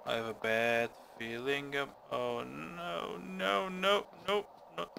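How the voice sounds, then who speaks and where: A man's voice: mid-range voice, steady tone, slow, gravelly, few pauses, a little hiss or hum. A man doing let's play commentary, swearing a lot, yelping and shrieking in panic and dropping to whispers when scared. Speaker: gamer playing through a horror game. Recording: loud game music behind the voice. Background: loud game music.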